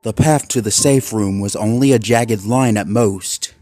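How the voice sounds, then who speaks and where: A man reading a horror fan story aloud in a measured, ominous way. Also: lowish voice, a little mellow. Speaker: narrator. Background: faint background music.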